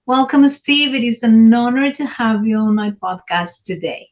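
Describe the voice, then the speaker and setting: A woman hosting a podcast interview with a measured, deliberate delivery. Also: a little high, expressive. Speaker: podcast host. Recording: dull lo-fi sound.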